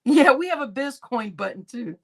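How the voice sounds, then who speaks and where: A woman's voice: high voice, animated, normal speed. A woman giving an indignant, exclaiming livestream commentary, talking straight to her chat.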